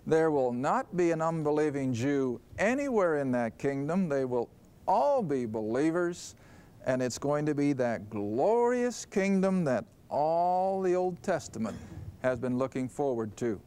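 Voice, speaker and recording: A man's voice: fairly high pitch, big pitch swings, measured pace, warm tone, smooth. A man teaching a Bible study lesson, reading scripture aloud and putting earnest questions to his class. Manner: stresses words and reads scripture aloud.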